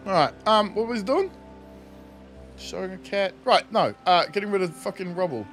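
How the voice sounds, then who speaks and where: Young male streamer: high, animated, chatty, laughs and swears; soft game music under. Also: normal speed. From New Zealand. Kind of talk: casual gameplay livestream commentary.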